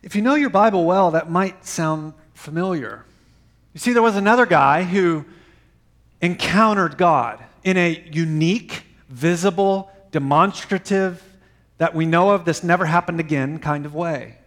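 A man delivering a sermon in a somewhat high voice. He presses hard on key words, then drops to a near hush, and leans into a slow, deliberate delivery. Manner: dynamic preaching, dropping to soft quiet phrases. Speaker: pastor.

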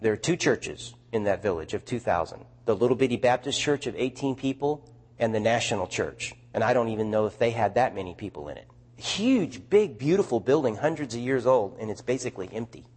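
Southern man, missionary speaker, lively storyteller, slightly husky voice. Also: medium pitch, fairly quick. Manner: animated, chatty storyteller with restarts. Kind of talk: storytelling talk to an audience.

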